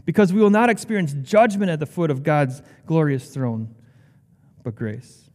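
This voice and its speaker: A man's voice: normal speed, darkish tone. A man preaching a sermon as pastor, reading scripture with rising, impassioned emphasis. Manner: impassioned, rising in pitch when quoting scripture. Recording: long hall reverb.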